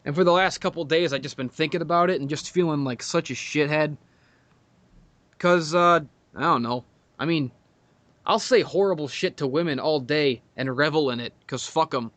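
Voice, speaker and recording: Casting: man, raised pitch, crude swearing podcast storyteller, dry close sound. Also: normal speed, a bit bright, no echo. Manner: profane, storytelling, laughs a lot. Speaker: podcast guest. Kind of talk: casual crude podcast chat.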